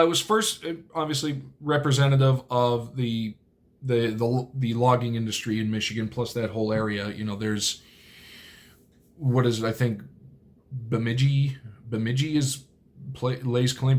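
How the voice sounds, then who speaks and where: A man's voice: mid-range voice, fairly bright tone. A man hosting his own video channel, talking casually in a rambling way, often correcting himself and adding dry asides. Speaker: channel host. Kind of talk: casual solo video talk.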